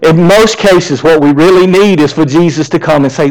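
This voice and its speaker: A man's voice: fairly high pitch, moderate pace, a little mellow, rough recording. A male pastor preaching a sermon, asking the congregation rhetorical questions. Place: church.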